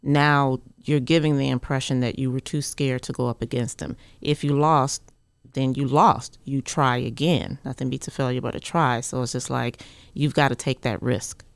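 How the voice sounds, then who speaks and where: A woman newspaper editor, a guest on a studio talk show, speaking in a measured, thoughtful way with many pauses. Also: very deep voice, fairly even intonation, creaky, clean tone, dry recording. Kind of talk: casual studio chat.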